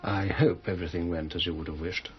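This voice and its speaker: A man playing a deep-voiced formal army officer. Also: steady tone, dull audio, very noisy, close to an everyday voice. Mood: solemn. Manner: formal, measured condolence. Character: formal male army officer consoling parents.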